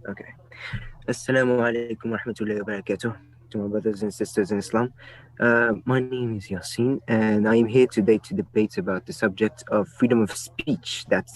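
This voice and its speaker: A man introducing himself as a debater, halting and formal. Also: fairly low pitch, no room sound, rough recording.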